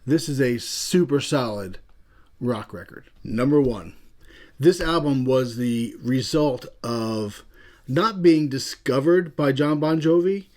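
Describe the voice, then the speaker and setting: A man's voice: mid-range voice, slow pace, darkish tone. A man with a Philadelphia accent, hosting a casual, rambling video about a classic album. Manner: chatty, rambling, self-amused. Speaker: channel host.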